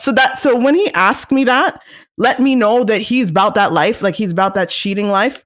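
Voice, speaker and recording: A young woman hosting a solo podcast, talking casually in a chatty, animated way. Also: medium pitch, brisk. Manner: chatty, animated, restarts and laughs. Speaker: podcast host.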